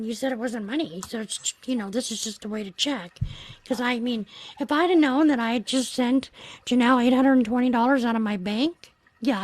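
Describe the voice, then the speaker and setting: A woman's voice: on the high side, slight background noise, rough recording. A woman hosting a livestream, earnestly recounting a personal experience in casual talk. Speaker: livestream host. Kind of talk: casual storytelling.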